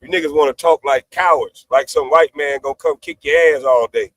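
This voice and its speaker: A man's voice: fairly high pitch, fairly quick, fairly bright tone. A middle-aged man hosting a livestream, ranting boastfully and profanely at his critics. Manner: boastful, profane, trash-talking. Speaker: livestream host. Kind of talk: brash livestream rant.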